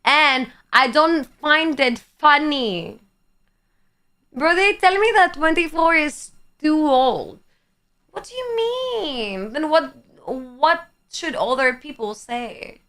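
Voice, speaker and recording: A woman's voice: high-pitched, animated, takes it slowly, bright, forceful tone. A woman in her twenties, a livestreamer chatting casually with her viewers and reading out their comments in a playful, teasing way, swearing freely.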